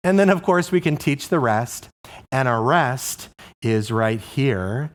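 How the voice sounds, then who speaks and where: An upbeat male music teacher walks fellow teachers through a lesson and keeps asking the viewer questions. He talks at an unhurried, deliberate pace in a mid-range voice. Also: medium pitch, expressive. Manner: upbeat, questions to the viewer, chants rhythm syllables. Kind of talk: instructional video for music teachers.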